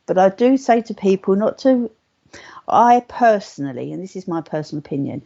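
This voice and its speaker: A woman leading a guided meditation in slow, soothing, repetitive phrases. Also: medium pitch, expressive, vocal fry, warm tone. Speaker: meditation teacher. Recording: muffled lo-fi recording with faint music.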